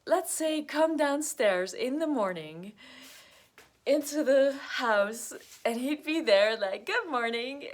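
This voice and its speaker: Chatty rambling woman telling a story. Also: mid-range voice. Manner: rambling, laughs often, acts out quoted voices. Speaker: astrology vlogger. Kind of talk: casual storytelling monologue.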